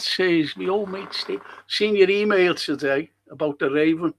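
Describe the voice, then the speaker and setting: A man hosts a casual live stream, chatting in a rambling, unhurried way. His voice sits a little high for a man, and he takes his time between thoughts. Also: poor audio. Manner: chatty, rambling, reads out viewer comments.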